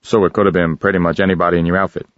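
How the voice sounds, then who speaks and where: A narrator voicing a gruff male police contact who asks short, clipped questions. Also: sits low, little pitch movement, very fast, no echo, muffled recording, lightly acted. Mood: terse.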